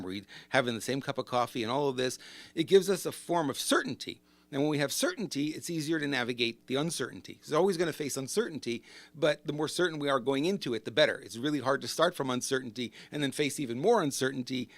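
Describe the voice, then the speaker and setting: A middle-aged man talks straight to his listeners in a solo podcast, wandering off on asides and asking rhetorical questions as he goes. His voice sits at an ordinary middle pitch, and the recording is dry and close, with no room sound. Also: a bit bright, dry recording. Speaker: business coach and podcast host.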